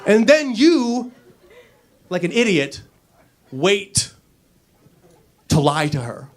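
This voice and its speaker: A man's voice: sits high, extremely slow. A man doing a stand-up comedy set in a club, acting out little scenes with silly voices. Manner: animated, acts out characters with silly voices.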